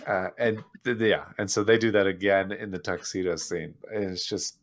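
Deep-voiced man chatting about a movie. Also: fairly even intonation. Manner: laughs often, acts out scenes in quick voices. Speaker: podcast co-host. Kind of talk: casual movie discussion podcast.

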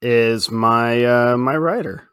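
A man co-hosting a podcast, talking in a relaxed casual way and laughing easily. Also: medium pitch, slow, clean tone, no room sound. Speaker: podcast co-host. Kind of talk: casual chat.

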